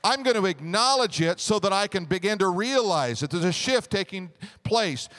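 High-voiced man preaching a sermon. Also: normal speed. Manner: animated preaching with jokes and call-and-response. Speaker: pastor.

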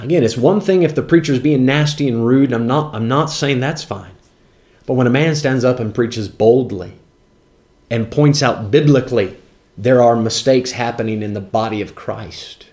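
A man preaching a sermon in a mid-pitched voice. He quotes scripture in old-style wording and slows down to drive points home, emphatic throughout. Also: darkish tone. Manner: varies pace, slows down for weight.

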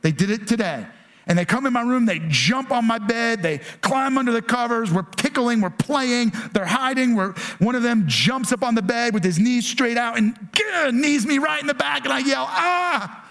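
This pastor's very high, slightly bright voice moves at normal speed through a conversational sermon. Along the way he tosses in rhetorical "right?" asides and imitates his kids pleading.

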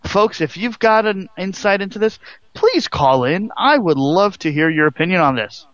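Brief: male co-host, a bit higher pitched, earnest rambler, dry close sound. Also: lively intonation, moderate pace, a bit bright, no room sound, muffled recording. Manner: rambling, earnest, full of restarts. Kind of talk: casual radio-style call-in chat.

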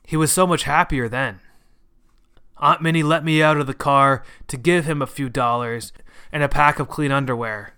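A man's voice: medium pitch, pushed and bright, clear, resonant tone. A man reading a short story aloud as its narrator. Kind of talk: scripted narration.

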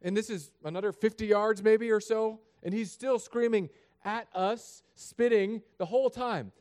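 Animated storytelling male pastor. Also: high voice, normal speed. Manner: animated storytelling, swings between hushed and raised. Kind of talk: sermon storytelling.

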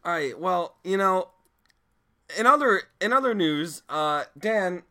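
A man's voice: high voice, expressive, takes it slowly, pushed and bright. A man co-hosting an improvised comedy show, playing the exasperated straight man who keeps interrupting. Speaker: comedy co-host, news reader.

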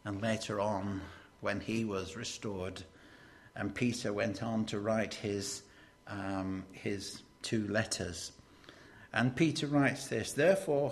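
A man preaching a sermon. He works as a hospital chaplain and preaches slowly and deliberately, with sudden emphatic rises. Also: medium pitch.

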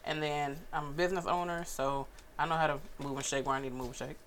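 A woman's voice: low voice, fairly even intonation, fast talker, slight background noise. A woman comedian as a podcast guest, talking loosely and playfully and laughing often. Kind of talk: casual chat.

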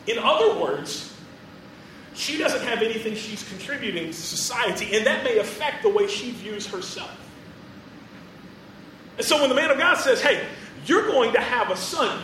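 A man preaching an animated, playful sermon to students, acting out the people in his story. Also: very high voice, moderate pace, slight background noise. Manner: animated, playful, acts out quotes. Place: large room with audience. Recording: roomy hall, distant from mic.

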